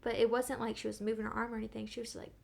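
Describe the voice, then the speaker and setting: A woman, a midwifery student and podcast guest, telling a story in a casual, animated way and sometimes dropping to a whisper. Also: a little high, very fast, gravelly. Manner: animated retelling, drops into whispers.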